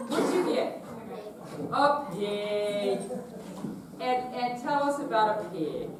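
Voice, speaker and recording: A woman leading a children's message in church, gently asking the children questions. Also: fairly high pitch, expressive, takes it slowly. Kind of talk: children's sermon. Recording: echoey room, far from mic, noisy.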